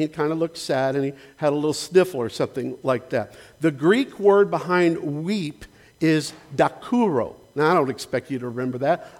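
Pastor, male, high voice, earnest conversational sermon, long church reverb. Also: a little mellow. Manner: conversational, earnest, frequent restarts and asides. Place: church sanctuary.

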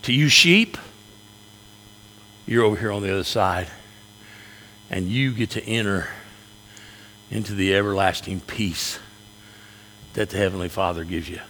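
A man's voice: sits low, a little slow, pauses often, bright, forceful tone, slight background noise. A male pastor preaching a sermon in a church with folksy humor. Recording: echoey hall reverb.

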